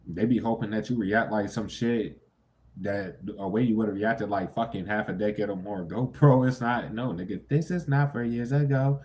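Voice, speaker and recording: A man's voice: fairly low pitch, normal speed, darkish tone. A young man giving a casual tarot reading, talking bluntly and with heavy profanity, breaking into sudden incredulous outbursts. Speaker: tarot reader.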